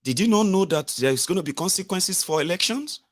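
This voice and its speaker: A man with a Nigerian accent voicing a fussing middle-aged wife who dotes on her husband with gentle mockery. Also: high-pitched, lively intonation, quick pace, voice pushed up. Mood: mock consoling. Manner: doting, teasing, gently mocking.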